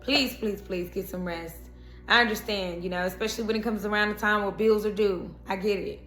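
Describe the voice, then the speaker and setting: A woman talks through a tarot reading in a casual, emphatic way, repeating phrases to drive them home and checking in with the listener. Her voice rings in an echoey room, with soft music playing faintly underneath. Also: medium pitch, steady tone, a little fast. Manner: emphatic, repeats phrases for stress, coaxing "okay?" asides. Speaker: tarot horoscope reader.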